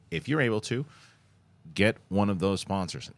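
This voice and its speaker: Low-voiced guy hosting a podcast, chatty, animated, laughing through his stories. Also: moderate pace. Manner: animated storyteller, laughs often. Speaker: podcast host. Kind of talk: casual chat and sponsor read.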